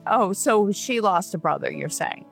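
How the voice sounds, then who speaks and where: A woman hosting a call-in radio show as a psychic medium, giving gentle, reassuring readings to callers. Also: mid-range voice, a little slow, vocal fry, faint music behind. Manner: warm reassuring, relays messages in a gentle steady flow.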